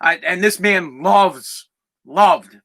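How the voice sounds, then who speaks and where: A man's voice: high voice, very slow, creaky, pushed and bright. A man in his thirties, a podcast host, telling a personal story in a candid, rambling way with a lot of swearing, close to tears.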